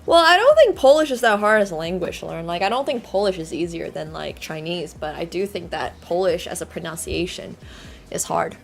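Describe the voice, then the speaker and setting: A woman's voice: on the low side, lively intonation, brisk, gravelly, soft background music. A woman chess streamer chatting casually with her live viewers, leaning on "like" and laughing easily.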